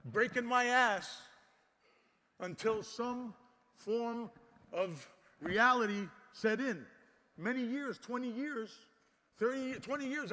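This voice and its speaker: A man giving an impassioned conference speech, exhorting the crowd and swinging between loud and soft. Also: high voice. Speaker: conference speaker. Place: large conference hall. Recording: long hall reverb.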